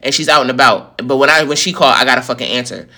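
A woman's voice: very deep voice, rapid-fire, pushed and bright. Fired-up New woman ranting. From New York. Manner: heated, profane, venting. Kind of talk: storytime rant to viewers.

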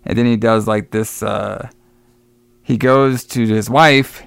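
With a lowish, steady voice, slow pace and some vocal fry, this man sounds smooth with no echo. He co-hosts a podcast and rambles through a horror film's plot, often repeating and restarting words as he describes scenes.

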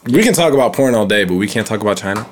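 A man's voice: on the low side, expressive, racing, slight background noise. A man co-hosting a podcast in casual, slangy banter, joking around and slipping into put-on accents. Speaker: podcast co-host.

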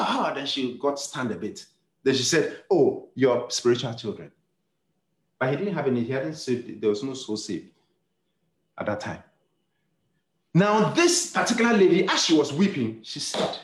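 A man's voice: mid-range voice, sing-song, normal speed, long pauses, roomy sound. A male pastor preaching a sermon, telling stories and acting out the dialogue, with many repeated words and restarts. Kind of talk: sermon storytelling.

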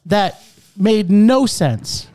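A woman's voice: mid-range voice, animated, extremely slow, warm tone, soft background music. A woman hosting a casual film-review chat, ranting with exasperation and swearing. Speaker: podcast host reviewing films.

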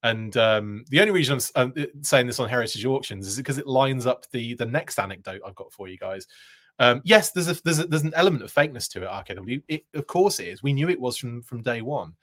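A man's voice: medium pitch, quick pace. A man hosting a live show, telling a long, rambling anecdote with frequent laughs and restarts. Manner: rambling, animated, laughing often, many restarts. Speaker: host. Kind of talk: casual storytelling on a live show.

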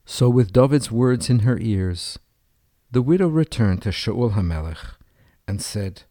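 A man narrating a storybook tale in a steady, even way. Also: on the low side, measured pace, no room sound, clean studio sound.

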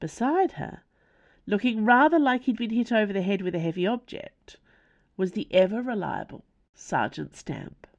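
A woman reading her own novella aloud as narrator, in an expressive storytelling manner. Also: mid-range voice, moderate pace, lo-fi sound. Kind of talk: scripted narration.

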